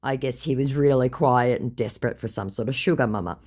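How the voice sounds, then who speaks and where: A woman's voice: very deep voice, brisk, a little mellow, slightly rough. A woman reads out a chat with a scammer in sarcastic, mocking casual commentary. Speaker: vlogger exposing scammers.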